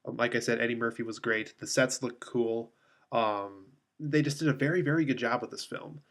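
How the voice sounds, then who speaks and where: A man's voice: medium pitch, normal speed. A man giving a casual spoken movie review, rambling along with many filler ums and restarts.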